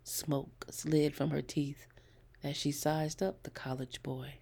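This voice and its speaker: A woman reading a short story aloud as an audiobook narrator, in a husky, gravelly, half-whispered, hushed voice. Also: low voice, flat delivery, slow. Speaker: audiobook reader.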